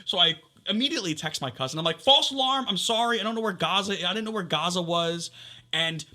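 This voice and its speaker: A young man tells a story on a casual podcast, animated and laughing, swearing freely as he goes. His voice sits a little high and sounds very bright and forceful. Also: quick pace. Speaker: podcast co-host. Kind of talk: casual chat.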